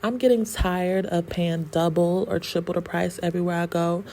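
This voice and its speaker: A woman's voice: fairly low pitch, steady tone, moderate pace, dark tone. A woman from the United States talking casually to her viewers in a travel vlog, laughing often and using slang. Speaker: travel vlogger.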